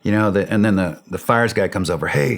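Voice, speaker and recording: A man telling a war story in a blunt way, swearing freely and acting out the shouted radio calls. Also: lowish voice, fast. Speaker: interview guest.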